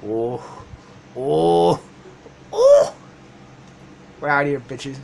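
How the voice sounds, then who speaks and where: Young guy cussing and joking thru a let's play, kinda high voice, faint hiss. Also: animated, takes it slowly. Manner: profane, laughing, joking. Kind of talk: casual gameplay commentary.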